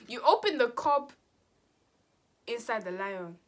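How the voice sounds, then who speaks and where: A woman's voice: a little high, takes it slowly. Slangy young woman telling a story. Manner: slangy and animated, acting out quotes. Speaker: vlogger. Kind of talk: casual storytime vlog.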